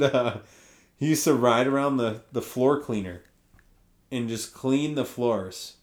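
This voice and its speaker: Young man, podcast host, casual profane storytelling, roomy echo. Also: mid-range voice. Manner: profane, rambling storytelling with laughs. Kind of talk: casual solo podcast chat.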